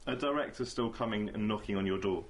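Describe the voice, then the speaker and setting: A man's voice: fairly low pitch, fast. A man interviewing a guest with direct, probing questions and light laughter.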